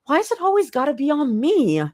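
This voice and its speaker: A woman's voice: medium pitch, expressive, a little slow, no echo, studio quality, pitched above the performer's own voice, lightly acted. A woman voicing a sweet, slightly tired young woman in a fanfic reading. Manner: sweet, a bit shy.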